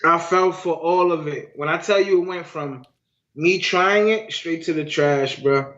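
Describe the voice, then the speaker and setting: A man's voice: a little high, a little slow, fairly bright tone. A man co-hosting a podcast in casual chat, slangy. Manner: slangy, calls listener "son" and "B". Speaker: podcast co-host. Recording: dull lo-fi sound.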